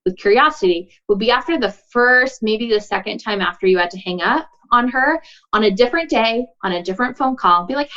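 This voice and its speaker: A woman's voice: a little high, animated, fairly quick, a bit bright, muffled recording. A woman guest on a podcast giving earnest, casual advice, with lots of likes and you knows, acting out bits of dialogue. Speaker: podcast guest, boundaries coach.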